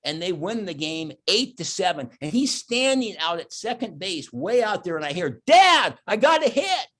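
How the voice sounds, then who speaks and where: A man's voice: high-pitched, normal speed. Earnest man giving a keynote. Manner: earnest storytelling, animated when reliving moments. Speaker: keynote speaker. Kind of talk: motivational keynote speech.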